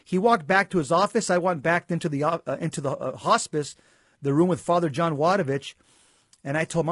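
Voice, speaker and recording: A man's voice: on the high side, fairly quick, a bit bright, no echo, clean studio sound. A man, a guest, earnestly telling a personal story in conversation, with repeats and stumbles.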